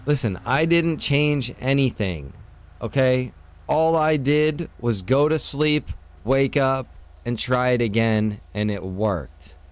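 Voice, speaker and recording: A streamer who owns a server talks casually to his viewers, venting and swearing through a frustrated story. He takes it slowly in a medium-pitched voice, captured in a dry recording.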